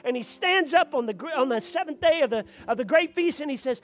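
A man preaching a sermon to a congregation in church, moving from quiet explanation to loud, fervent preaching and calling out members by name. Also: very high-pitched, expressive, quick pace, hardly any pauses.

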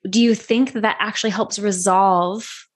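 Woman podcast co-host, mid pitch, hesitant and curious when she asks questions. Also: fairly even intonation, normal speed, slightly rough.

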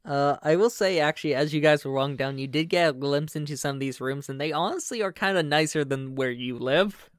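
Smooth-voiced male game master. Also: a little high, brisk, few pauses, no echo, studio quality. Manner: relaxed, with frequent fillers. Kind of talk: narrating a tabletop game.

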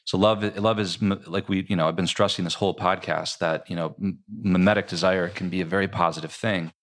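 Low-voiced guy, author on a podcast, explains ideas thoughtfully, lots of likes. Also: fairly even intonation, fairly quick, a bit bright. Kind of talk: explanatory conversational interview.

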